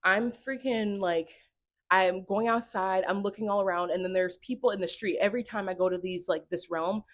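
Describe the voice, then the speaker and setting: A young woman vlogger telling a story to camera in an excitable, rambling way, full of fillers. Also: mid-range voice, normal speed.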